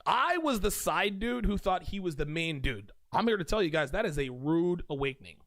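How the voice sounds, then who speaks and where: Male host, gravelly and a touch high-pitched, emphatic and repetitive, dry close sound. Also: big pitch swings, normal speed, fairly bright tone, no room sound. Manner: emphatic, repeats phrases while building a point. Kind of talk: livestream commentary.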